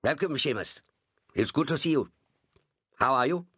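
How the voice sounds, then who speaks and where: A man's voice: mid-range voice, lively intonation, normal speed, a bit bright, husky, no echo, clean studio sound, pitched above the performer's own voice. A man voicing a small, polite and anxious shipping agent in an audiobook. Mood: courteous. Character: small fussy Indian shipping agent, middle-aged. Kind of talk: audiobook character voice.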